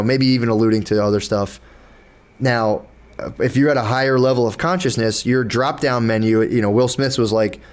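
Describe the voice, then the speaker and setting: Profane, rambling man on a podcast. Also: medium pitch. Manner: loose, rambling, profane, with frequent restarts and acted-out inner dialogue. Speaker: podcast host. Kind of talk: casual podcast chat.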